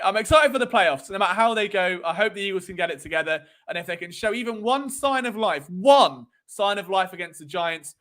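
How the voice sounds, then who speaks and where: Man, young, high voice, casual stream chat, playful, rambling. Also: pushed and bright. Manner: rambling, chatty, playful, with frequent fillers. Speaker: sports stream host.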